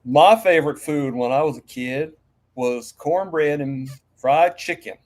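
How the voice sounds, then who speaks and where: A man's voice: on the high side, a little slow, darkish tone. A man as an interview guest in a casual live-stream chat, rambling with many fillers and restarts.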